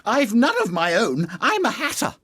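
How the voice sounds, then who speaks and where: A man's voice: sits high, wildly swooping pitch, moderate pace, pushed and bright, husky, no room sound, clean studio sound, voice pushed up, full character voice. A man voicing a timid, nervous hatter who pleads in a trembling voice in an audiobook. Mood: anxious. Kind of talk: audiobook character voice.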